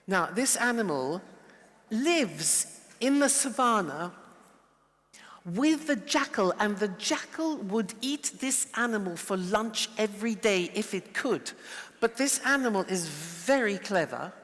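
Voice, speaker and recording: A man giving a lively, playful lesson, acting out examples as he explains. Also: sits high, slow pace. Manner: lively, playful, animated demonstrations. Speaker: teacher. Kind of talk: lecture with role-play. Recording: long reverberant hall.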